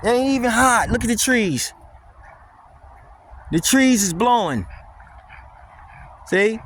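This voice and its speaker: A man with a high voice delivers a blunt, mocking, slang-heavy rant while walking outdoors. He records on a handheld phone, and faint wind and outdoor noise sit behind his voice. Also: animated, slow, fairly bright tone. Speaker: dog vlogger. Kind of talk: casual walking vlog monologue. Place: outdoors on a windy wooded walk.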